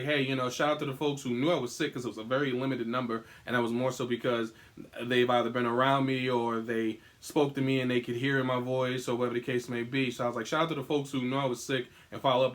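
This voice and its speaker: A young man hosts a solo podcast from a room in his house. He talks in a loose, profane, animated ramble at a middle pitch and sometimes breaks into song. He is still getting over an illness. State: recovering from illness. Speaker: podcast host. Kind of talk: casual solo podcast monologue. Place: indoor room at home.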